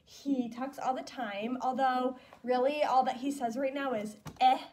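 A woman's voice: sits high, steady tone, unhurried, a little mellow. A young woman vlogging as a mom, chatting fondly and casually with lots of fillers. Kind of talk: casual chat.

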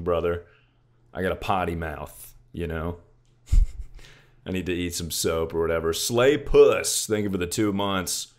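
A young man hosting a casual livestream, laid-back and joking, swearing freely and calling his chat "dude" and "brother". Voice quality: very deep voice.

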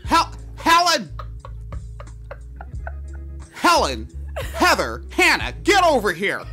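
Man doing a fussy theatergoer, shrill, huffy, high voice, swooping exclamations. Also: very animated, unhurried, sharp tone, faint music behind, full character voice. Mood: flustered bluster. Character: indignant, fussy white male theatergoer.

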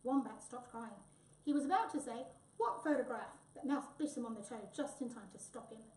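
A woman reading a children's storybook aloud in an expressive, lively way. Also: a little high, brisk. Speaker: reader. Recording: echoey room, voice from far off.

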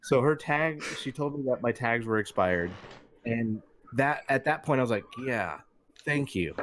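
A man's voice: medium pitch, moderate pace, fairly bright tone, a little hiss or hum. A young adult man, a podcast co-host, telling a rambling story in casual chat and swearing freely.

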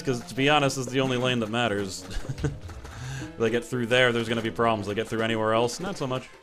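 Man doing sarcastic game commentary. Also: medium pitch. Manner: sarcastic, excitable, shouts at the game. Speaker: gaming channel host. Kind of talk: let's-play commentary.

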